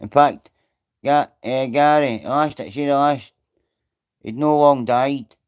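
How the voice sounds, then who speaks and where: A man's voice: mid-range voice, takes it slowly, clear, resonant tone. A Scottish man on a live stream, rambling and greeting viewers by name in casual chat.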